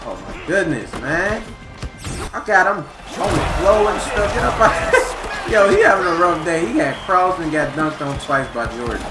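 A man's voice: high-pitched, normal speed. A young man, commentating his own basketball video game and swinging between hype and frustration. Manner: excitable, yelling at the game, frustrated outbursts. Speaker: gaming YouTuber. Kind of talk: live gameplay commentary. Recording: roomy sound with loud game music.

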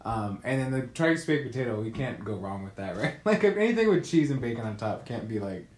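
A man's voice: mid-range voice, very animated, fairly quick, darkish tone, roomy sound. A man co-hosting a podcast, telling stories in casual chat with frequent swearing and laughs. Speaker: podcast co-host. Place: Korea.

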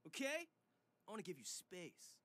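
An actor playing a petulant young boyfriend in a game, leaving a pushy, swearing voice message in a childish manner. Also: male voice, high voice, wildly swooping pitch, moderate pace, pushed and bright, exaggerated voice.

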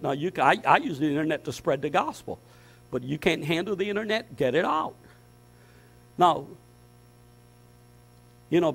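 A man preaching as pastor, fervent, dropping to hushed tones and rising to loud, emphatic lists. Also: fairly high pitch. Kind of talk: sermon.

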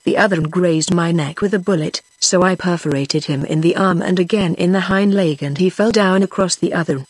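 A text-to-speech woman's voice with a British accent, reading an audiobook in an even, steady way. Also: fairly low pitch, fairly quick, slightly rough, dry recording. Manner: even, steady machine-read delivery. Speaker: audiobook narrator.

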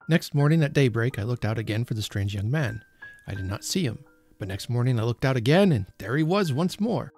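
A man hosting a podcast reads a classic story aloud in the first person, with expressive, deliberate storytelling. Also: mid-range voice, no room sound, clean studio sound. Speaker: podcast host reading a story.

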